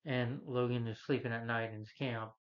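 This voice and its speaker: A man casually retelling a film's plot as a reviewer, rambling and halting with lots of "you know" and restarts. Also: mid-range voice, fairly even intonation. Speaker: movie reviewer. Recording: slightly dull lo-fi recording.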